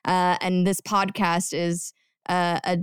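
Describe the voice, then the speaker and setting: A woman's voice: lowish voice, flat delivery, takes it slowly, smooth, no room sound, studio quality. A woman co-hosting a podcast, talking in a thoughtful, somewhat hesitant way. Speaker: podcast co-host. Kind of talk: casual podcast conversation.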